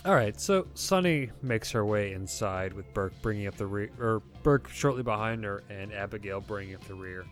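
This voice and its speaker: Relaxed male game master. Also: fairly low pitch, soft background music. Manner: relaxed, halting with fillers. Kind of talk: narrating a tabletop game.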